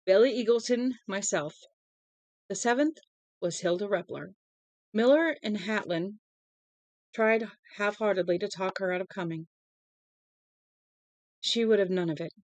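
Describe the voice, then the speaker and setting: Woman, reading a novel aloud, unhurried, plain, mid pitch, dry close mic. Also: darkish tone, dry recording. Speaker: audiobook reader.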